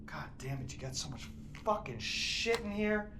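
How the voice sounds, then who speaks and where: An actor playing a volatile, profane male home invader in film dialogue, swinging between low muttering and shouted threats. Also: animated, moderate pace, background noise. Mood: menacing.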